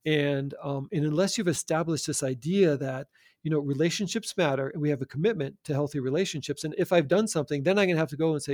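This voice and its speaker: An earnest man explains his views in a relaxed, conversational way. His voice sits a little high with a mellow, warm tone. It sounds close and dry, with no room around it. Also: quick pace, no echo. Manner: earnest, repeats words as he restarts. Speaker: guest. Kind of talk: conversational faith talk.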